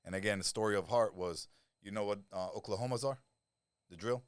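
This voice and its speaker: Deep-voiced man telling blunt street stories. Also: fairly quick, clean tone, no echo, clean studio sound. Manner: blunt, profane street talk. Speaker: interview guest. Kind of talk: storytelling interview. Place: podcast studio.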